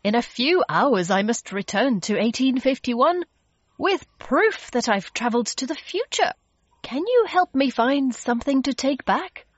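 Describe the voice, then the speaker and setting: A woman voicing an excitable, old-fashioned male time-traveling inventor in a storybook reading. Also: high-pitched, unhurried, no room sound, muffled recording, voice pushed up, exaggerated voice. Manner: excitable, exclaiming.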